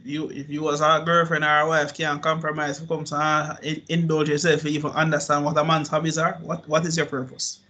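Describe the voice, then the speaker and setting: A man co-hosting a podcast with a husky voice, ranting animatedly in slang-heavy casual chat. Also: fairly high pitch, completely flat delivery, fairly quick, few pauses, sharp tone. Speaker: podcast co-host.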